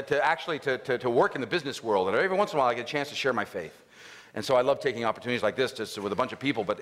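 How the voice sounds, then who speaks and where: A middle-aged man giving an animated storytelling talk at a faith event, acting out scenes with loud outbursts. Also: medium pitch. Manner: animated, acts out scenes with loud shouts and laughs.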